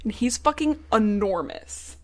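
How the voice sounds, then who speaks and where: A woman's voice: mid-range voice, expressive, a little slow, a crowd in the background. A woman co-hosting a podcast, casually recapping a book with loose talk and swearing. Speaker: podcast co-host.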